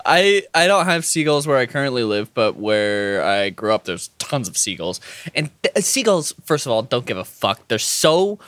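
A man's voice: medium pitch, sing-song, moderate pace, a bit bright. A young man co-hosting a podcast, telling stories animatedly and laughing. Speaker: podcast co-host. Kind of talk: casual chat.

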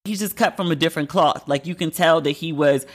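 A woman's voice: low-pitched, brisk. A woman host in casual chat, telling candid, profane stories with playful acted asides. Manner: candid, profane, gossipy storytelling.

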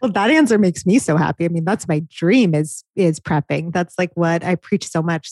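This is a woman co-hosting a relaxed conversation. Her voice sits a little low, and the sound is dry and close. She tells stories in an animated way and laughs often. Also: moderate pace, no echo. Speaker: podcast co-host. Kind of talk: casual chat.

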